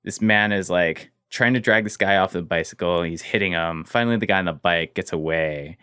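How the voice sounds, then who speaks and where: A man's voice: sits low, a little fast, clean tone, dry recording, clean studio sound. A man, a guest in an interview, telling a personal story casually and leaning on "like" as he goes. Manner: casual, fills with "like", trails off quietly.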